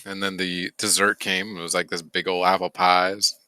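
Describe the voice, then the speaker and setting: A man's voice: low-pitched, flat delivery, unhurried, sharp tone, smooth, no echo. A man casually and animatedly recapping a tabletop game session, joking and swearing freely. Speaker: player.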